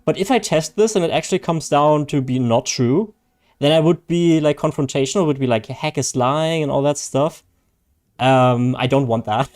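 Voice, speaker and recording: A man's voice: fairly high pitch, moderate pace, darkish tone. A man chatting casually on a live game stream, reading viewer chat, joking and laughing often.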